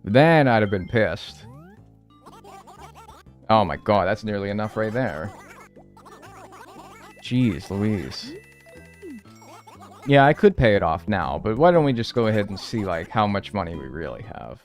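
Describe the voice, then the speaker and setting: A man's voice: fairly low pitch, big pitch swings, a little slow, pauses often, soft background music. A man casually chatting with viewers during a live game stream, rambling and wry as he thanks people by name. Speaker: gaming livestreamer. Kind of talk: casual live-stream chat while playing.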